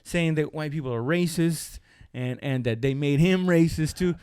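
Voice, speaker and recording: A man co-hosting a comedy podcast, telling a long street story in casual chat and acting out the shouted lines of the people in it. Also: on the high side, normal speed, clean tone, dry recording, studio quality. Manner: animated storyteller, acts out shouted quotes, profane. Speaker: podcast co-host.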